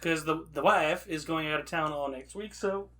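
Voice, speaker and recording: This man co-hosts a casual gaming podcast. His voice is a bit high and very bright, with a sharp edge. He teases his friends with dry remarks. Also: normal speed. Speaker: podcast co-host. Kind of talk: casual chat.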